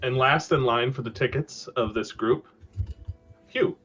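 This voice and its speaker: A man's voice: mid-range voice, a little slow, a bit bright. Male game master narrating a tabletop game; descriptive delivery, mid voice, muffled audio. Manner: descriptive, with fillers. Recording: slightly dull lo-fi audio.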